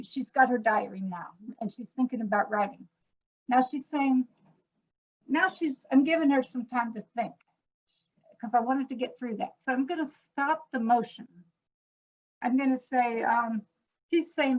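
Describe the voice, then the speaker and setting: A woman composer explaining her work in a panel talk over a video call, slowing down to spell out words as examples. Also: fairly high pitch. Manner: illustrates points by speaking words slowly. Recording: dull lo-fi video call audio.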